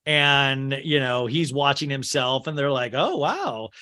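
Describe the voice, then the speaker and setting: A man hosting a podcast, recapping a movie in a casual, animated way with lots of fillers. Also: medium pitch, unhurried, clear, resonant tone. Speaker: podcast host.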